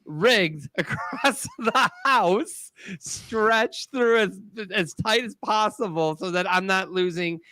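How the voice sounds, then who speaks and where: A man's voice: high-pitched, takes it slowly, sharp tone. A man hosting a casual chat show who rambles with many fillers and jokes around. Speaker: host.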